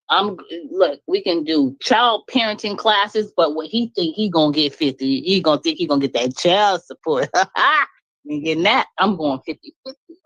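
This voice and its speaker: A woman's voice: sits low, no room sound, highs cut off. A woman speaking up in an online talk room, venting bluntly and emphatically about her marriage and laughing as she talks. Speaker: caller sharing her story.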